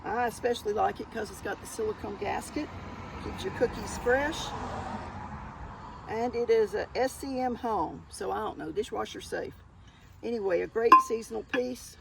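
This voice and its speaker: A woman's voice: mid-range voice, moderate pace, creaky, very noisy. An older woman with a Southern US accent, chatting in a folksy way as she shows off her thrift finds to viewers. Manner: chatty and folksy, keeps calling the viewers y'all. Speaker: thrift haul vlogger. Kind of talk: casual show-and-tell haul.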